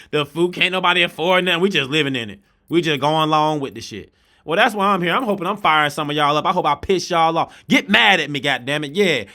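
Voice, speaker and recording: A man hosts a reaction podcast, ranting in slang-heavy commentary that swings from shouting to low, muttered asides. His voice is bright and forceful and sits a little high. He sounds preachy and fired up. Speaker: podcast host reacting to videos.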